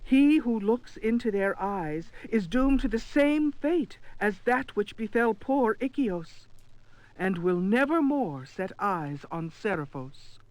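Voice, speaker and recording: A performer narrating an ancient myth as a game storybook reading, measured and formal. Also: mid-range voice, expressive, darkish tone, dry recording, low-quality recording. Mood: solemn.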